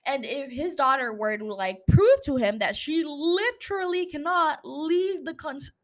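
A woman's voice: high-pitched, expressive, unhurried. A young woman hosting a casual solo podcast, rambling, swearing freely and laughing at herself. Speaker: podcast host.

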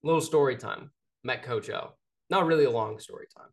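A man's voice: medium pitch, a little fast, vocal fry. A young man co-hosting a sports podcast, telling a story in a laid-back way with frequent restarts. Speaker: podcast co-host. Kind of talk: casual sports chat.

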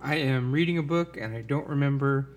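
A man's voice: medium pitch, brisk. A man talking earnestly and rambling a little, full of fillers, in a casual conversation about faith.

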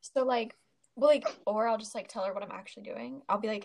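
A woman co-hosting a podcast, telling a story in an animated way and acting out quotes. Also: mid-range voice, fast. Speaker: podcast co-host. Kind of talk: casual storytelling.

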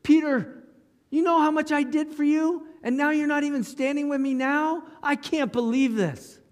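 A preacher voicing an indignant man lashing out at those who betrayed him, in a shrill, loud, exasperated tone. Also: fairly even intonation, fairly quick, big-room sound. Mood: outraged.

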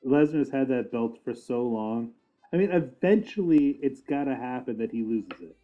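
A man's voice: medium pitch, lively intonation, normal speed, faint music behind. A man co-hosting a podcast, chatting casually about wrestling, thinking aloud with fillers and laughing often. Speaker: podcast co-host. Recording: tinny phone-like sound.

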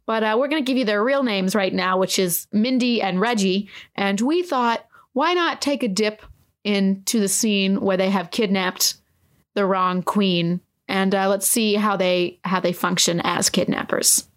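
A woman co-hosts a comedy podcast in a relaxed, playful tone. Her voice sits at a middle pitch. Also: unhurried. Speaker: podcast co-host. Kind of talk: casual podcast chat.

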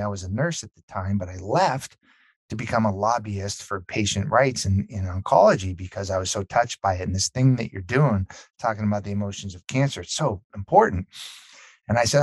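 A man's voice: on the low side, a little fast, husky, no echo. A man being interviewed about his book, telling stories casually and acting out what people said. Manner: animated, acts out quotes, repeats words. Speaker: author and podcast guest.

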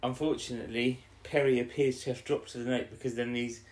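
A woman's voice: rumbling low, fairly even intonation, fairly quick, a little mellow. Casual woman recapping, echoey room. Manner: rambling recap with brief put-on quoted voices. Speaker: podcast co-host recapping an episode. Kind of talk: casual chat.

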